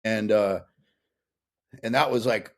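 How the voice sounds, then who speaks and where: A man's voice: on the low side, slow. Blunt, profane man telling his story. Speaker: podcast guest. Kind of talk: casual interview chat.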